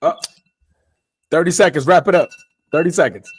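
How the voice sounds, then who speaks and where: A man co-hosting a call-in podcast, chiming in with playful, quick interjections. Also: on the high side, slightly rough. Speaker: co-host. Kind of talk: casual call-in chat.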